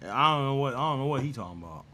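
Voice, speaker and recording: Male gaming host, loose slangy banter with frequent laughs; bright, forceful tone. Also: medium pitch, lively intonation, very fast. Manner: slangy, laughs often, teasing. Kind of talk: casual gaming chat.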